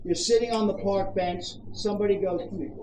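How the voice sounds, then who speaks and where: An Australian dog trainer coaching owners outdoors, giving brisk commands and checking in with questions. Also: medium pitch, fairly even intonation. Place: outdoors at a campground. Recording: echoey, distant, noisy outdoor ambience.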